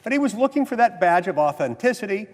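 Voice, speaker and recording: This male American senator has a high voice with big pitch swings and a fast pace. In an echoing legislative chamber he gives a floor speech that mixes anecdote and argument, quoting and mimicking others before turning earnest and insistent.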